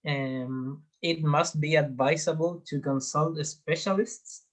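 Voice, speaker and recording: Slow, hesitant male student. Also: a little high, steady tone. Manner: answers hesitantly with fillers.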